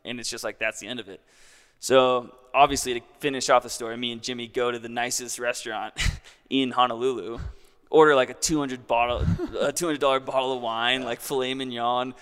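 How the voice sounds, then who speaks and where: A man's voice: mid-range voice, steady tone, fairly quick, fairly bright tone, smooth, long reverb tail. A young man casually telling a long story as a guest, in a laid-back way full of "like".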